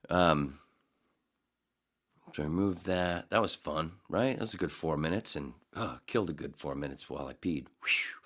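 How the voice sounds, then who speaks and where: Deep-voiced man rambling on a podcast. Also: moderate pace, a bit bright. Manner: profane, jokey, slips into impressions. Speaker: podcast host. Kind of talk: casual solo podcast rambling.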